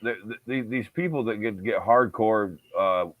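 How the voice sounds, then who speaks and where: A man's voice: on the low side, normal speed, no echo. Man, podcast co-host, heated profane rant, dry, lo-fi. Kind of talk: casual chat.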